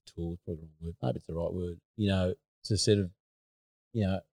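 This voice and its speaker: A reflective Australian man hosts a casual interview, feeling his way through his thoughts with plenty of fillers. His voice is very deep, and the recording is close and dry. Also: steady tone, fast talker, gravelly, a little mellow, no room sound. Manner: reflective, hesitant, many fillers. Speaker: podcast host.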